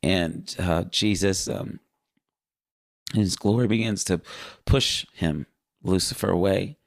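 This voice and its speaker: Earnest man with a gravelly low voice. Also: slow pace, dry recording, studio quality. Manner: earnest, vivid storytelling with fillers. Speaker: guest recounting a vision. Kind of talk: casual spoken testimony.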